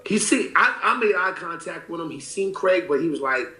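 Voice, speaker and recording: A man in his forties telling stories in a casual interview, profane and animated, acting out what people said. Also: high-pitched, fairly quick. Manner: animated storyteller, profane, acts out quotes. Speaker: rapper guest. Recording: roomy echo.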